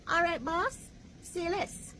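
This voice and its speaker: A woman with a Jamaican accent voicing a bold, determined Jamaican businesswoman nurse who speaks brisk, confident patois. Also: extremely high pitch, animated, pushed and bright, a little hiss or hum, voice pushed up, heavily acted. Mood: breezy.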